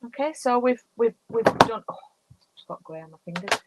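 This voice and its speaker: In a livelier, higher voice at normal speed, a British woman in her fifties chats through a live card-making demo, explaining each step and reading comments from viewers, though heavy background noise intrudes.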